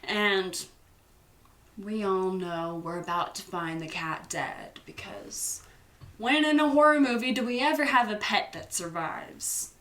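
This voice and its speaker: A woman's voice: mid-range voice, measured pace, a bit bright, echoey room, distant mic. A young woman hosting a casual movie recap, chatty and playful, acting out the characters' lines. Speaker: host.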